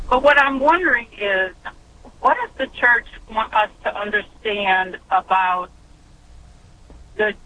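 A woman's voice: medium pitch, bright, forceful tone, a little hiss or hum, poor audio. Hesitant older woman calling in by phone. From New Orleans. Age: around 70. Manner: hesitant, restarts, apologetic. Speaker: caller. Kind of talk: phone-in question.

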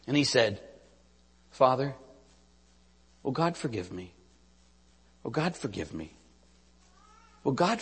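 A Catholic priest delivers a storytelling sermon with a husky, slightly raised voice that swings widely in pitch. He goes from loud emphatic peaks to near-whispers. His words ring out in a long church reverb. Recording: reverberant hall.

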